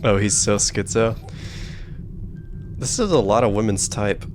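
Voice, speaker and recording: A man's voice: lowish voice, a little slow, a little mellow, slight background noise. A young man streaming a horror game, giving casual, wry commentary and joking about what happens on screen.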